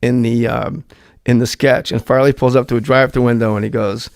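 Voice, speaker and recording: A man's voice: mid-range voice, fairly quick, smooth, no room sound, clean studio sound. A middle-aged man, a comedian, telling a story in casual chat and acting out the voices in it. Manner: animated, acts out voices in his stories. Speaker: guest comedian.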